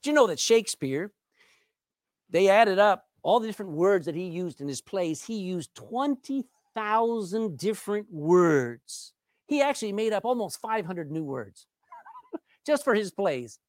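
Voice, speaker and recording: A man preaching with a voice that leaps up and down in pitch, pausing for effect and stretching key words. The sound is close and dry. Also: big pitch swings, no room sound. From Texas. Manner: emphatic, with dramatic pauses and drawn-out words. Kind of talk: sermon.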